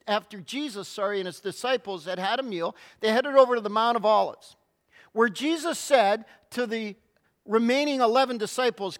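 A middle-aged man preaching a sermon as a pastor, telling stories dramatically with emphatic pauses. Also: high-pitched, a bit bright.

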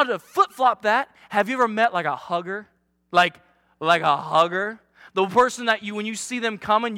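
A young man, a youth pastor, preaching a sermon with energetic, joking, self-deprecating humor. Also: very high voice, no echo, clean studio sound.

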